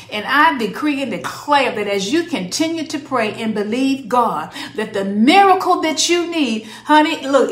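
A woman's voice: a little high, echoey room. A woman preaching a sermon, repeatedly asking "what?" for the congregation to answer, with emphatic declarations. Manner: call-and-response questions, emphatic declarations.

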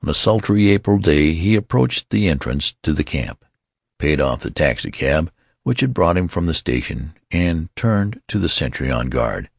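A man reading a story aloud as narrator, with expressive storytelling. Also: very deep voice, normal speed, gravelly, husky, no room sound, clean studio sound. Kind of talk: scripted audiobook narration.

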